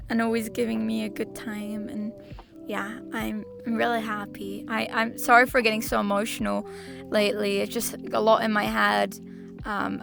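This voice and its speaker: A woman streamer talks to her viewers in a slow, unhurried way, gushing and playful. Her fairly high voice has a gravelly fry to it. Music plays clearly underneath. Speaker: VTuber streamer. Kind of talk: casual chat with stream viewers. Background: background music.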